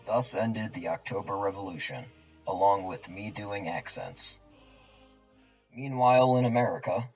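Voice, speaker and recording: A man reading a scripted narration as a student narrator, in a flat, even, low-leaning way. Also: a little slow, breathy edge, faint music behind. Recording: distant mic, dull and lo-fi.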